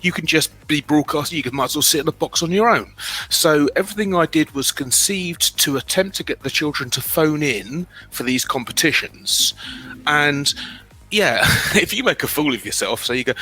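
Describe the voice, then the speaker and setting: A man's voice: medium pitch, bright, forceful tone, rough recording. A middle-aged man with a British accent, telling his own story as a guest in a candid, self-deprecating way, often restarting his sentences.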